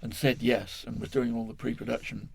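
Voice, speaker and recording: A man's voice: medium pitch, level tone, a little fast, vocal fry, heavy background noise. An older man from England, a guest in an interview, telling a long story in a rambling, self-correcting way, chuckling as he goes.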